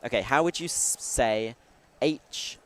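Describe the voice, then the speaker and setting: A medium-pitched British man talks a little slowly in casual chat as a stream commentator. Chatty and jokey, he's from the United Kingdom and tends to interrupt and restart his own sentences.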